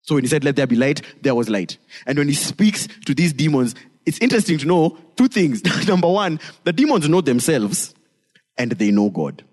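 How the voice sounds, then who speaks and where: A male pastor preaching a sermon in a lively, joking way, acting out bits as he teaches. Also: fairly high pitch, moderate pace, big-room sound. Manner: lively, joking, retelling with voices.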